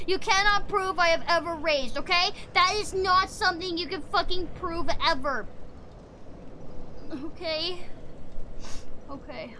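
A woman streaming a video game live, playful and dramatic, with baby talk and loud outbursts at enemies. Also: very high-pitched, noisy background.

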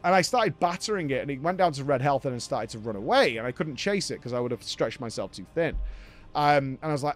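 A man's voice: on the high side, big pitch swings, fairly quick, faint music behind. A man hosting a gaming show, recapping a game in a rambling, enthusiastic way.

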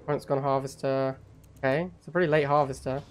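A man streaming a strategy game, giving chatty commentary with quick reactions and laughing at his own jokes. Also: medium pitch, flat delivery. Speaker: gaming streamer. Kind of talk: casual gameplay commentary.

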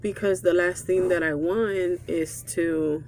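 Woman vlogger, gravelly, earnest confessional talk, faint music under. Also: on the low side, steady tone, slow pace, darkish tone. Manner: earnest, reflective, frequent restarts and fillers. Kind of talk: candid personal talk.

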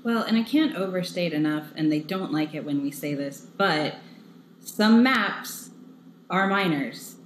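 A low-voiced woman talks earnestly and openly, filling her thoughts with "like" and "um." The sound is echoey, with a light hiss underneath. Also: unhurried. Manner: earnest, personal, uses "like" often. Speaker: foundation staff member. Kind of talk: candid interview answers. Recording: echoey room with faint hiss.

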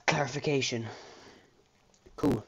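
A man's voice: medium pitch, fairly even intonation, slow pace, vocal fry, fairly bright tone, breathy edge. A man chatting casually on a game livestream, rambling and restarting his sentences, with the odd casual swear word. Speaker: streamer.

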